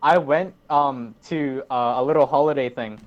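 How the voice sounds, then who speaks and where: A man's voice: medium pitch, moderate pace, lo-fi sound. A teenage man, co-hosting a casual podcast, blunt and joking with lots of swearing. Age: teens. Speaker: podcast co-host. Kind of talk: casual chat.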